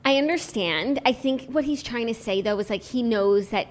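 A woman's voice: fairly high pitch, moderate pace. A young woman co-hosting a podcast, chatting casually and peppering her talk with "like". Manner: chatty, many likes. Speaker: podcast co-host. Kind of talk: casual chat.

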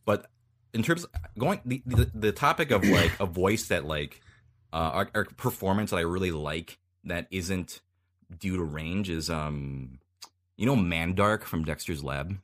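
Man, very deep voice, casual podcast chat, relaxed and rambling. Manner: laid-back, explains at length with many pauses. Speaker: voice actor guest.

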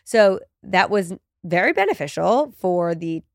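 A woman from New Jersey hosting a casual solo podcast, excited and chatty, sounding congested and nasal. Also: fairly low pitch, unhurried, creaky, no echo, studio quality. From Central New Jersey. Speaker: podcast host.

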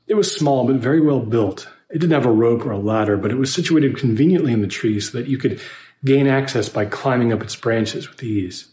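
A man narrating a first-person horror story in a measured, scripted way, recorded with a roomy echo. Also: medium pitch, darkish tone.

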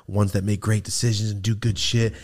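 A young man co-hosting a casual podcast, ranting in an animated way and swearing freely. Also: fairly low pitch, a little fast. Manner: animated ranting, swearing, jumps into shouted impressions. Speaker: podcast co-host.

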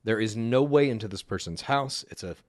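A man co-hosting a podcast in casual chat, easygoing, laying out ideas like a story pitch. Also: lively intonation, fairly quick, no room sound, clean studio sound. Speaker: podcast co-host.

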